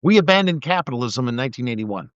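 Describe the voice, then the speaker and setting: A middle-aged man, a former military investigator, delivers an angry, profane, sarcastic political rant on a live video stream. His mid-range voice is fast with lively intonation and no echo. The audio comes from a phone or webcam mic and sounds dry and slightly muffled.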